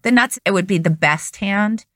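A woman's voice: medium pitch, normal speed, a bit bright, dry recording, studio quality. A woman who is a poker expert, explaining strategy step by step in an analytical conversation.

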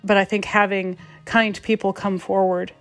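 A woman guest telling a personal story in a reflective, heartfelt way, pausing and restarting as she thinks. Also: mid-range voice, little pitch movement, soft background music. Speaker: guest, advice columnist.

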